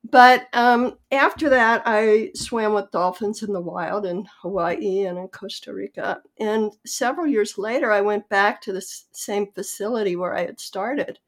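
A woman's voice: medium pitch, a little slow, few pauses. A woman hosting a conversation, a veterinarian, earnestly recounting her own experiences in a casual way. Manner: earnest, personal recollection. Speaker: host, veterinarian.

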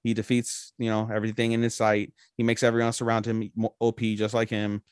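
Another co-host of the anime review podcast talks quickly in a lowish, clear, resonant voice with a completely flat delivery. His casual recap of the plot rambles and is peppered with profanity, and the recording is dry, clean studio sound.

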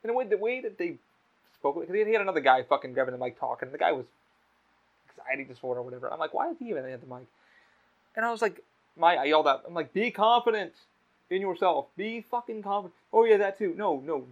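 A man's voice: on the high side, animated, quick pace. A young man hosting a podcast, telling rambling stories with lots of swearing. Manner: heavy swearing, rambling storytelling. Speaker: podcast host. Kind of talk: casual podcast chat. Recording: dull lo-fi podcast audio.

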